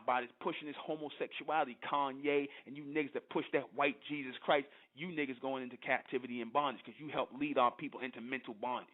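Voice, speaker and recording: A blunt, profane man reads old scripture verses aloud and breaks off to comment on them, stumbling and restarting over the archaic wording. He keeps pressing his listeners with "you understand?" His medium-pitched voice comes through a narrow, tinny, phone-like sound. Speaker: channel host.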